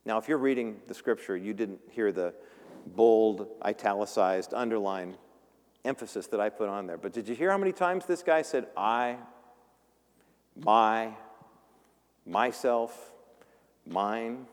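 Casting: male pastor, sermon delivery, lively and theatrical, church reverb. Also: on the low side, measured pace, pauses often. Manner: animated, acts out voices of characters. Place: church sanctuary.

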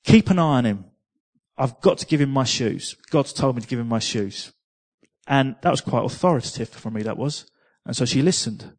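A man preaching to a congregation, his voice sitting at an ordinary middle pitch. He tells a personal testimony conversationally, repeating words as he goes and slipping in small laughs. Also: animated, fairly quick.

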